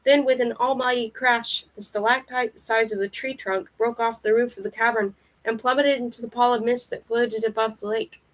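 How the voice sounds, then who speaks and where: A woman reading a fantasy novel aloud in steady storybook narration. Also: on the high side, moderate pace, hardly any pauses, low-quality recording. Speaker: reader.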